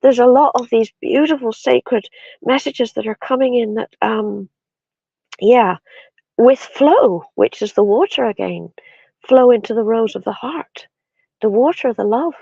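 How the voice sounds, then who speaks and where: A woman from Ireland, a shamanic practitioner, telling spiritual stories in a soft, reflective way with many pauses and fillers in an interview. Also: fairly high pitch, gravelly, slightly rough, no echo. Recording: dull lo-fi sound.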